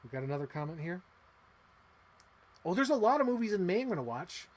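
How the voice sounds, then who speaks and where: A man in his thirties hosting a casual livestream, rambling excitedly and swearing casually. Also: sits high, brisk. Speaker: livestream host.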